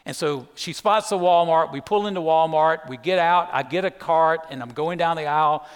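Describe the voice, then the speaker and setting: Middle-aged pastor with a slightly high voice. He preaches emphatically in an echoey church hall. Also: moderate pace, clean tone. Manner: emphatic storyteller, keeps saying "listen". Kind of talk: sermon with a personal story. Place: church sanctuary.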